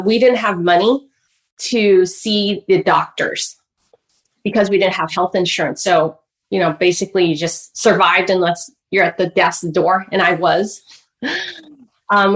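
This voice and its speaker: A woman's voice: mid-range voice, low-quality recording. A middle-aged woman, a guest author, telling a personal story in a podcast interview, earnest and emotional, often addressing the host by name. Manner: acts out quoted voices of parents.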